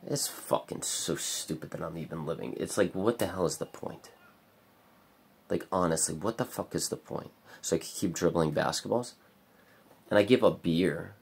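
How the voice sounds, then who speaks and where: A man with a deep, gravelly voice rambles through a bleak confessional vlog. His tone is husky and rough at the edges, and he swears constantly and leans on filler words. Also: normal speed. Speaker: vlogger.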